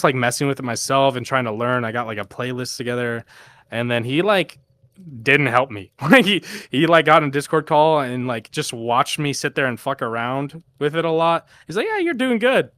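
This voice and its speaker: A young man telling stories casually, full of slang and swearing. His voice sits in a middle range, and he jumps much higher when he mimics other people. The delivery is loose and animated. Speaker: podcast guest, VR DJ. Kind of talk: casual storytelling chat.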